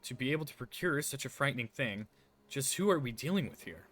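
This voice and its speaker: A man putting on a pompous, grandstanding gentleman inspector. He declaims every line theatrically, in a bright, forward voice. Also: medium pitch, animated, brisk. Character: pompous male self-styled inspector.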